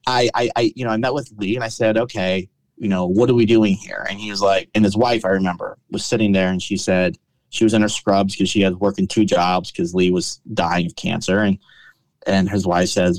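A man, a trial lawyer, telling stories in a conversational interview, animated and full of restarts. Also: sits low, a little fast, no room sound. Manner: animated storyteller, many restarts.

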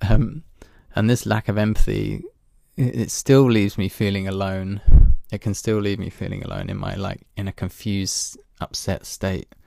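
A man's voice: fairly low pitch, level tone, normal speed, gravelly, few pauses, warm tone, no echo, clean studio sound. A man talking in a casual, reflective monologue, candid and self-deprecating, swearing now and then and laughing at himself.

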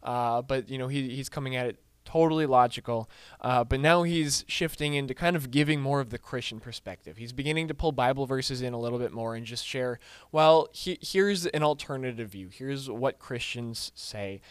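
A man's voice: mid-range voice, normal speed, clean tone, dry recording. A man leading a casual group book discussion, full of fillers and restarts, putting questions to the group.

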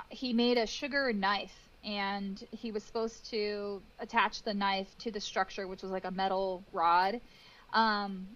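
A woman, a cake decorator, telling stories on a podcast in a casual, animated way, laughing often and acting out what people said. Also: medium pitch, lo-fi sound.

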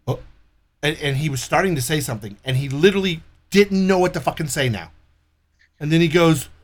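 A man in casual podcast chat, cursing freely and telling stories with animated energy. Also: mid-range voice. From Los Angeles area. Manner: profane, animated storyteller.

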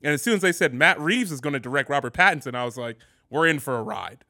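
A man's voice: a little high, expressive, fast, pushed and bright, no echo, clean studio sound. A man co-hosting a podcast, talking casually and laughing between phrases. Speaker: podcast co-host.

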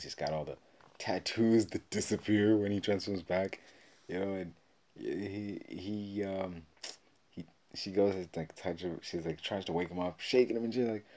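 Deep-voiced man rambling excitedly. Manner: rambling, profane, excited storytelling. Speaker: podcast host. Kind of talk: casual solo podcast talk.

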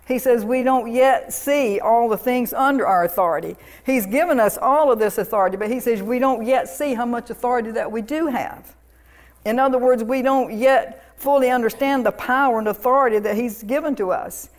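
A woman's voice: fairly high pitch, normal speed. A woman pastor preaching a sermon, fervent and declarative, repeating commands and affirmations with restarts.

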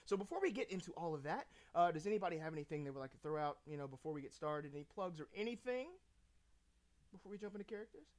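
A man's voice: a little high, animated, racing, darkish tone. A man acting as game master for a tabletop role-playing game, often laughing and using lots of fillers.

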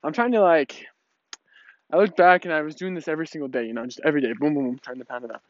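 A man's voice: on the high side, fast. A man in his early twenties talking casually in a vlog, rambling with lots of fillers and restarts. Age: 20s. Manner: rambling, many fillers and restarts, laughs often. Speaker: vlogger. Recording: dull lo-fi dry sound.

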